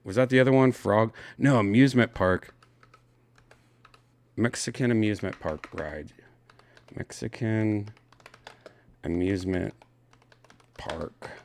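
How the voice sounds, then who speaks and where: Animated low-voiced man reading news. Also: moderate pace, long pauses, a little hiss or hum. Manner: animated, exclaiming, swearing often. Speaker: podcast host. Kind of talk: casual chat reading news aloud.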